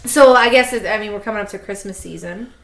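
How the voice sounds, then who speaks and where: A woman co-hosting a casual podcast, giggling often and chiming in with quick agreement. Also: medium pitch, vocal fry. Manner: giggly, frequent agreeing interjections. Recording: echoey room, crowd behind.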